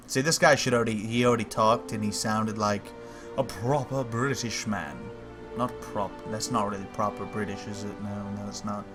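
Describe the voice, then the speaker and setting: A man's voice: lowish voice, fairly even intonation, moderate pace, music in the background. Wry, joking man streaming a game. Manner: jokey, wry asides. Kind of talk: livestream gameplay commentary, reading game text aloud.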